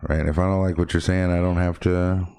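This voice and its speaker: Man, very low voice, rambling casual chat, laid-back. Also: level tone, fairly quick, a little mellow, clean tone. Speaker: co-host.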